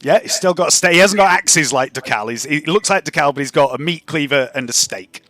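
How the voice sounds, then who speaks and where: A man's voice: fairly high pitch, a little fast, pushed and bright, no echo, faint music behind. A man narrating as game master of a tabletop game, rambling with frequent hesitations and restarts.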